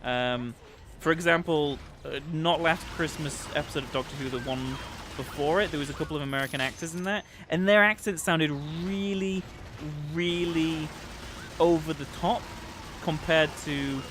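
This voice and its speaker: A man's voice: on the high side, normal speed, noisy background. A man with a British accent giving rambling, casual commentary while livestreaming a game. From Britain. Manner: chatty, rambling, with many fillers. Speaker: livestream gamer.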